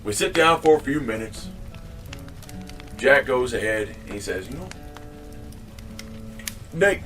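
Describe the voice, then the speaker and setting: A man spins a comic yarn in a loose, rambling way, restarting phrases and swearing now and then. His medium-pitched voice sits back from the microphone. Faint music plays underneath. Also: lively intonation, moderate pace, pushed and bright, far from the mic. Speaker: storyteller. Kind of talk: casual comedic storytelling.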